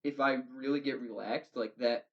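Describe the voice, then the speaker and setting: A man's voice: mid-range voice, fairly even intonation, moderate pace. A young man from the US Midwest, co-hosting a podcast in casual comedic chat, joking and crude. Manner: joking, crude, laid-back. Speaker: podcast co-host. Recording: dull lo-fi sound.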